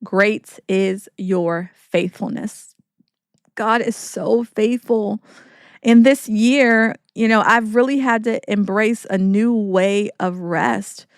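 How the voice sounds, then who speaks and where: A woman's voice: on the high side, steady tone, slow, dry recording, studio quality. A woman hosting a faith-based podcast, talking in an earnest, encouraging way with preacherly repetition. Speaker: podcast host.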